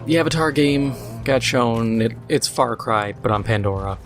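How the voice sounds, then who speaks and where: A man's voice: mid-range voice, lively intonation, normal speed, faint music behind. A man hosting a gaming video, chatting casually and sarcastically ranting while he plays.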